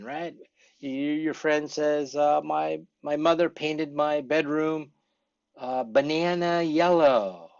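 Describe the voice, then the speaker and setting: A man teaching English conversation to a class, acting out sample responses with lively changes of voice. He has lived in Korea for many years. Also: on the high side, slow pace, gravelly, clear, resonant tone, highs cut off. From English-speaking foreigner living in Korea. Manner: lively, acts out example responses. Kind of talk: classroom lecture.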